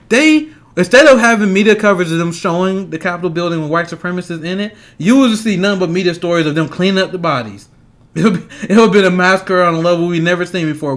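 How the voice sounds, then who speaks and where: Pitched high with a slightly bright edge, a male political commentator launches into an angry, fast, foul-mouthed rant. He laughs with contempt partway through sentences, clearly worked up.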